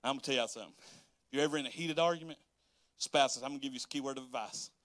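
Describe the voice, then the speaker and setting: A man's voice: medium pitch, fast, fairly bright tone, no room sound, studio quality. A man preaching a sermon as pastor, folksy and dialect-heavy, laughing often and acting out quotes.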